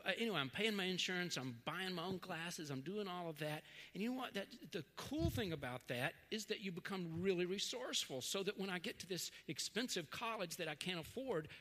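A middle-aged man preaching a sermon, telling stories and acting out the voices in them. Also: on the high side. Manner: animated storytelling, acts out dialogue. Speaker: pastor. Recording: long hall reverb.

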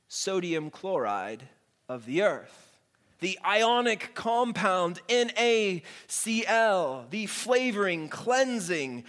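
High-voiced man preaching slowly, playful. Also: fairly bright tone. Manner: playful, slow and emphatic with dramatic pauses. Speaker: pastor. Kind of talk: sermon.

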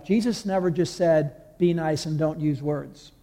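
Man, pastor, passionate sermon, high voice, long hall echo. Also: a little slow, few pauses, mellow. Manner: impassioned, acts out quoted voices. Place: church hall.

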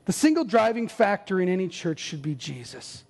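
Male pastor, high husky voice, earnest conversational sermon, long hall reverb. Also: moderate pace. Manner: earnest, conversational, animated asides. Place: church sanctuary.

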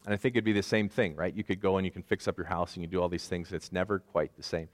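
A man's voice: deep voice, steady tone, fast talker, long reverb tail. A man in his forties preaching a conversational sermon with self-deprecating asides. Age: 40s. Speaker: pastor.

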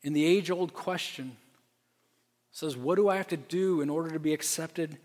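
A man preaching a sermon as pastor, earnest and repeating phrases for emphasis, dropping to a hush for his appeals. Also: a little high, moderate pace. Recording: long reverb from a large room.

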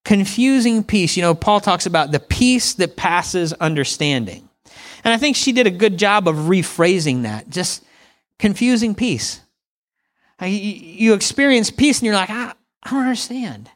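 Preaching man, pitch a bit high. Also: big pitch swings, moderate pace. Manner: conversational preaching with congregation call-and-response. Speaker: pastor. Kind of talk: sermon.

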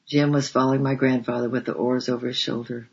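A man narrating a storybook in a measured, steady reading voice. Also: medium pitch, vocal fry, husky. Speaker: audiobook narrator. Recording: dull lo-fi recording.

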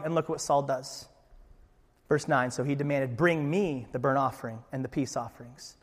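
A man preaching a sermon as pastor, acting out the dialogue with big, loud swings in voice. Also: on the high side, normal speed, big-room sound.

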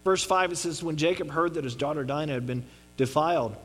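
A man's voice: a little high, brisk, fairly bright tone, a little hiss or hum. A man giving a conversational sermon on a Bible passage in an earnest way, often checking in with his listeners. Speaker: pastor.

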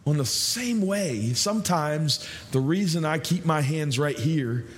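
A man preaching a sermon as pastor, conversational, repeating phrases and slowing down to stress key lines. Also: on the high side, animated.

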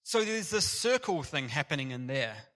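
A man preaching an earnest, animated sermon in a church. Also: fairly high pitch, normal speed. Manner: earnest, animated, acts out parable voices.

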